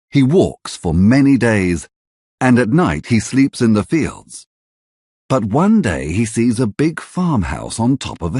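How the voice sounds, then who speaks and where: A man narrating a graded reader story slowly and clearly for language learners. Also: on the low side, a little mellow, no room sound, studio quality.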